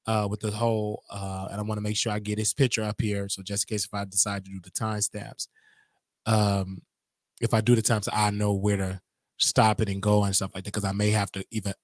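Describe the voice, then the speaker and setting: A young man hosting a casual livestream, talking in an animated, gossipy way and laughing often. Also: lowish voice, brisk, dry recording. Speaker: show host.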